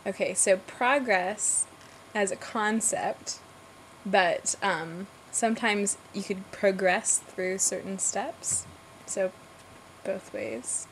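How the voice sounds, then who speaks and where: Woman going slowly through a word list, chatty asides, faint hiss behind. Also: medium pitch, a bit bright, low-quality recording. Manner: slow, thoughtful, breaks off to explain her pronunciation. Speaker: accent word-list reader. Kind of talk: casual reading of a word list with comments.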